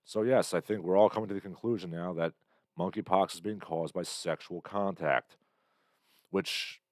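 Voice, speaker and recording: A man with a very low voice rambles through his own livestream, blunt and full of fillers, reacting to chat comments as they come in. He sounds like he is in his thirties. The sound is close and dry, with no room around it. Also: normal speed, no echo. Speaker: livestream host.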